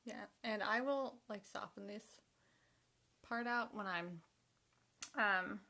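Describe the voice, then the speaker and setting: A woman's voice: mid-range voice, slow pace, creaky, sharp tone. A young woman chatting casually to herself while doing her makeup for a vlog, sometimes dropping to a half-whisper. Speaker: makeup vlogger.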